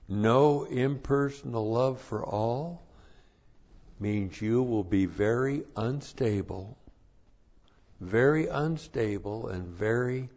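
A man preaching a sermon, slow and deliberate, repeating his numbered points for emphasis. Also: fairly low pitch, a little mellow, dull audio.

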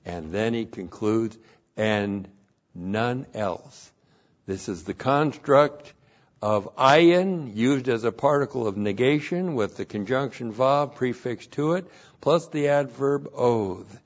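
A man teaching verse by verse through a Bible passage, slow and emphatic, repeating key phrases for weight. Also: medium pitch, animated, muffled recording.

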